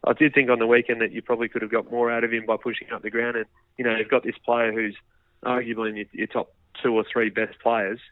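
A man's voice: medium pitch, level tone, fast, no room sound. A man, a guest football journalist, talking casually on radio with lots of hedging fillers and restarts. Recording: tinny phone line.

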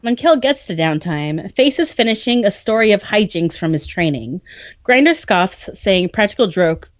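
A woman's voice: medium pitch, animated, normal speed, no room sound, dull audio. Sarcastic chatty woman podcast host. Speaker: podcast host recapping a novel. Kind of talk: casual chat.

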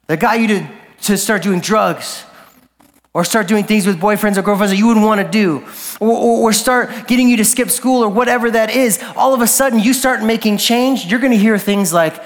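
A male youth pastor gives a sermon in a high, light voice, talking loose and slangy, then pushing hard on the big points. His voice rings out through a large hall with a long reverb tail. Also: fairly quick. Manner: casual and slangy, building to emphatic peaks.

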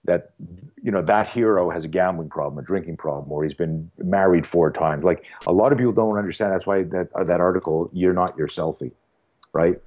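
A man with a very low, deep voice tells a story as an interview guest. He talks casually and acts out the dialogue, stopping often for fillers. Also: fairly quick. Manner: animated storyteller, many fillers and quoted dialogue. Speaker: podcast guest.

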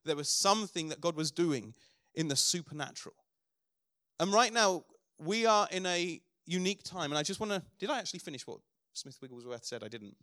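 A man's voice: on the high side, lively intonation, a little fast, a bit bright, dry recording, studio quality. A middle-aged man preaching a sermon as pastor, earnest, building to emphatic declarations.

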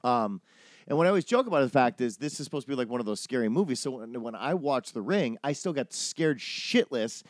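A man telling a story in a relaxed chat, peppered with swearing. He acts out the people in it with lively jumps in voice. His voice sits at a middle pitch, recorded close and dry. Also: fairly quick, no echo. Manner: animated, profane, acts out quoted people. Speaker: podcast host telling a story.

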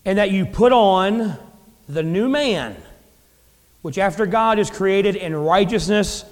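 A man's voice: expressive, slow, long pauses, big-room sound. A man preaching a sermon as pastor, talking conversationally with humor, rising and dropping sharply for emphasis. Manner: conversational preaching with dramatic pitch swings and asides.

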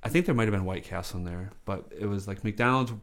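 A man's voice: fairly low pitch, fast, a bit bright. A man chatting casually, rambling with lots of fillers and frequent laughs. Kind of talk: casual chat.

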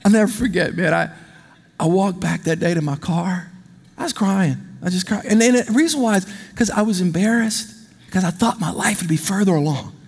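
A male pastor preaching a sermon in a large church. He is animated and conversational, and he calls out to the congregation for responses. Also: high-pitched, brisk, gravelly, slightly rough. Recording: long reverb of a big hall.

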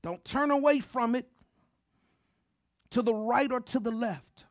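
Fervent woman preacher, higher-pitched, unhurried. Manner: fervent, repeating "come on now" and stammering restarts. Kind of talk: sermon.

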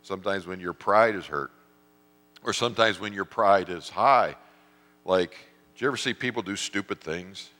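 A middle-aged male pastor preaching a sermon, telling animated stories and acting out voices. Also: low voice, moderate pace. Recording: long hall reverb.

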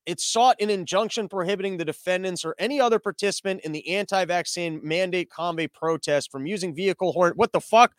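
High, smooth-voiced sarcastic podcast host. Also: male voice, fast, hardly any pauses, no echo. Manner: sarcastic riffing with stammered restarts. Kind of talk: comedic commentary on a livestreamed podcast. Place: small room that is not soundproofed.

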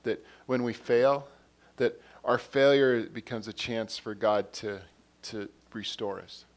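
A pastor preaches a sermon slowly and conversationally, his voice at a middle pitch. He brings scenes to life by acting out snippets of dialogue, frequently doubling back to repeat and restart words.

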